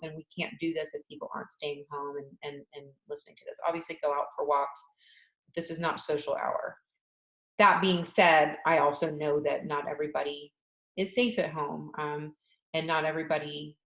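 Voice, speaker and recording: A woman with a low voice leads a guided tapping session as a coach. She speaks candidly and repeats tapping phrases as she works through her frustration. The room around her is echoey.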